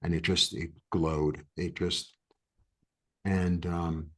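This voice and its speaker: A man from New York, a guest in an interview, telling a story in a rambling, animated way with many restarts and fillers. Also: low voice, takes it slowly. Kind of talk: casual storytelling chat.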